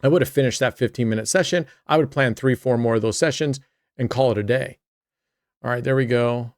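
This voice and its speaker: A man's voice: medium pitch, steady tone, brisk, a little mellow, clean tone, dry recording, clean studio sound. A man hosting a casual play-by-play of his own online roulette session, chatty and talking to himself and to viewers. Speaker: host.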